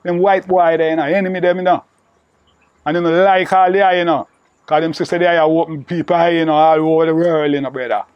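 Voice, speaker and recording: An older man from Jamaica recounts the old days in broad patois, his voice pitched somewhat high. The sound is dry and close, with no room around it. He rambles and repeats himself, with "you know" in nearly every line. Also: fairly even intonation, a little fast, no room sound, highs cut off. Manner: repetitive, peppered with "you know". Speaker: interviewee recalling old friend. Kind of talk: rambling oral storytelling.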